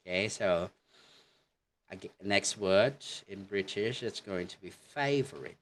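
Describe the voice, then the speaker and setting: A man teaching an online English lesson in a relaxed way, with many fillers and demonstrations of how words are pronounced. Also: on the low side, unhurried, a little hiss or hum.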